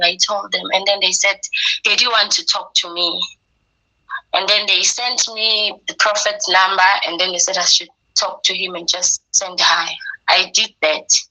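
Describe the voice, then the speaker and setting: A woman's voice: mid-range voice, rough recording. A woman telling a personal story, acting out the things people said to her. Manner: quotes herself and others in a lively retelling.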